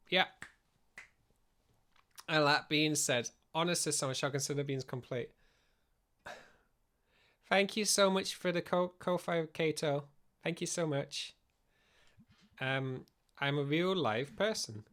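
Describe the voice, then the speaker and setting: A man's voice: on the high side, slow pace, long pauses, a bit bright. A man streaming a game live through a studio mic with a pop filter, chatting and thanking viewers over and over.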